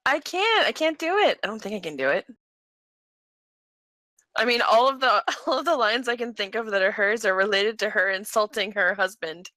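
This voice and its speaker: A woman's voice: mid-range voice, lively intonation, moderate pace, pushed and bright, no room sound. A woman playing in a tabletop role-playing game, talking hesitantly and trailing off. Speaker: player.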